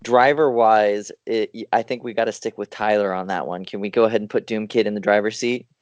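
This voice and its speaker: A man's voice: on the low side, fairly even intonation, a little fast, no room sound, dull audio. A man co-hosting a podcast, thinking aloud in an easygoing, casual way. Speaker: podcast co-host.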